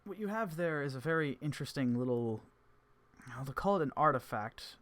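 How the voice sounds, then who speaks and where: A man voicing a calm, scholarly male mage who speaks in a measured, formal way. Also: on the high side, pitched above the performer's own voice.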